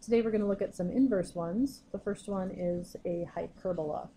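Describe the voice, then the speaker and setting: Woman math teacher, patient explainer, mellow tone, faint hiss behind. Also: on the low side, moderate pace, low-quality recording. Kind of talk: recorded classroom lesson.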